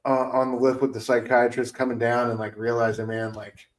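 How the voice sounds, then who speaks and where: A man's voice: mid-range voice, little pitch movement, a little fast, low-quality recording. A man co-hosting a casual film podcast, rambling enthusiastically with many fillers. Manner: rambling, heavy on fillers like "like" and "you know". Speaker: podcast co-host.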